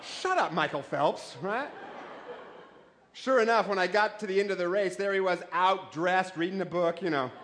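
A man's voice: high voice, moderate pace, fairly bright tone, a little hiss or hum. A man in his forties, a pastor, preaching a sermon in a joking, conversational way with rhetorical questions. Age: 40s.

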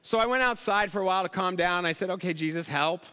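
A middle-aged male pastor with a high voice preaches, telling stories in a conversational way and tossing out rhetorical questions. His voice carries a long reverb of a large hall. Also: fast, pushed and bright, clear, resonant tone. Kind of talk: sermon.

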